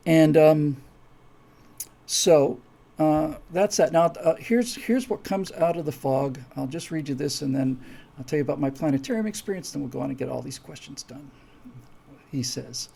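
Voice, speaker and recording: Male host, live stream chat, rambling with restarts, gravelly voice. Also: fairly high pitch, normal speed, mellow. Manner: rambling, full of restarts and asides. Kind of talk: casual live-stream talk.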